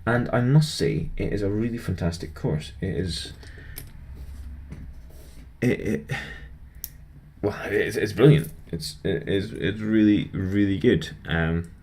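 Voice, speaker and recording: A man's voice: lowish voice, takes it slowly, pauses often, a little mellow. A young man rambling casually about his week while building a model kit, chatty and self-deprecating.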